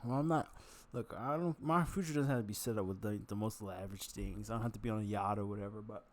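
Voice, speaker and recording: A man's voice: lowish voice, fast talker. A man vlogging while he eats, rambling and joking, swearing casually, his nose a little stuffed up. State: congested nose, full, chewing. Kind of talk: casual eating vlog chat.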